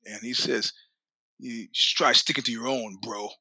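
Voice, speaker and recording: Bright-voiced man telling fight stories. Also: medium pitch, normal speed, gravelly, husky, dry recording. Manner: animated, profane, laughs often, acts out quoted lines. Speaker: podcast guest. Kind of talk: storytelling in a casual interview.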